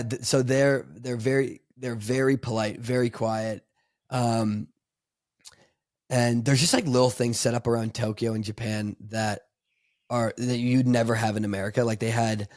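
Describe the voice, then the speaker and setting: A man co-hosting a podcast chats casually, rambling with plenty of fillers, restarts and laughter. His voice is mid-range with a darkish tone, captured in a dry, studio-quality recording.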